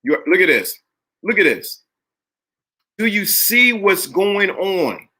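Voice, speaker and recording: Very animated yet unhurried, a man hosts a live-streamed talk show in a bright, forceful voice pitched slightly above the usual male range. He emphatically preaches his points, hammers key phrases over and over, and addresses chat viewers by name.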